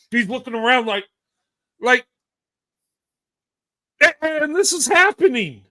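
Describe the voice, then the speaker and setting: Male host, high voice, heated and blunt, lots of stammered restarts. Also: very animated, normal speed, pauses often, sharp tone. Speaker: show host. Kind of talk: impassioned live-show commentary.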